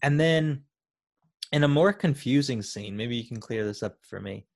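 A man's voice: mid-range voice, lively intonation, normal speed, creaky. A man in a casual movie talk, chatty with many fillers. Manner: chatty, filler-heavy, laughing along. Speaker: podcast co-host.

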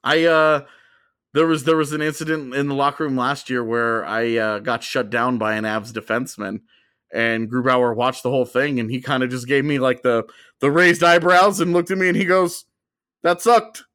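A man co-hosting a hockey podcast in casual chat, rambling and restarting his sentences, with quick laughs. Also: medium pitch, fairly even intonation, a bit bright, smooth, no room sound, clean studio sound. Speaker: podcast co-host, hockey reporter.

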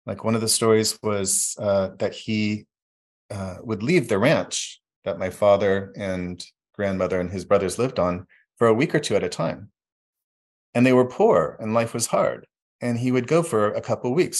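A man telling his life story reflectively, halting often with fillers. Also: low voice. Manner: reflective, halting with fillers, acts out quoted voices. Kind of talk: personal storytelling.

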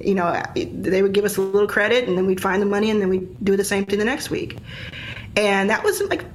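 A woman's voice: medium pitch, slight background noise. A woman in her forties, speaking in a mid-range voice. She recounts her past candidly and reflectively as an interview guest. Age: 40s. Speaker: guest, investor. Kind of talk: casual interview storytelling.

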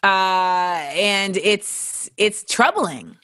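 A woman's voice: mid-range voice, lively intonation, extremely slow, a bit bright, no echo. Blunt, profane woman podcast host. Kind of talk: casual podcast monologue answering listener questions.

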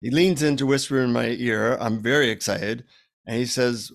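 A middle-aged man, an author, telling a story in an animated conversational way and acting out the dialogue. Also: mid-range voice, moderate pace, vocal fry. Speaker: author guest.

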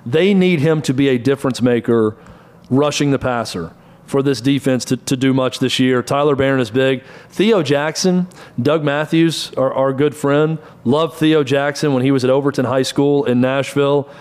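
A man's voice: medium pitch, steady tone, a little mellow. Brief: male sports talk host, middle-aged, runs through stats in clipped bursts. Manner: brisk, rattles off stats in short bursts. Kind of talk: college football analysis.

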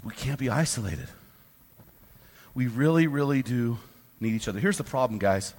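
A man preaching a fiery sermon to a room of men, swinging from hushed lows to loud, fired-up peaks. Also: animated, normal speed. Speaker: pastor. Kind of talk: sermon to a men's gathering. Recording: long hall reverb.

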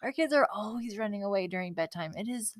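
A woman in her thirties from California, co-hosting a parenting podcast, easygoing and quick to laugh. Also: medium pitch, lively intonation, no echo, studio quality. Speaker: podcast co-host. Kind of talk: casual chat.

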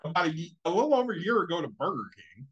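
A man's voice: on the high side, big pitch swings, husky, muffled recording. Firm man telling a story, swearing freely. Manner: profane, firm, unhurried storyteller. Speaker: coach. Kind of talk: casual chat, storytelling.

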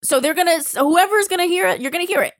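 A young woman talking bluntly in a casual chat, animated and swearing freely. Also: very high voice, rapid-fire, no echo, clean studio sound.

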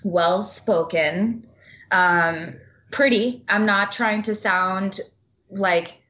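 A woman's voice: mid-range voice, steady tone, very slow, sharp tone, lo-fi sound. A woman guest talking bluntly and passionately in a casual interview, swearing freely.

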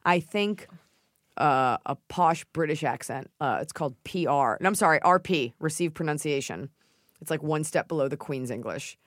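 American woman podcaster, jokey and blunt, lowish voice, dry mic. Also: animated, moderate pace, no echo. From United States. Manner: blunt, joking, playful. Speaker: podcast co-host. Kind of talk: casual chat.

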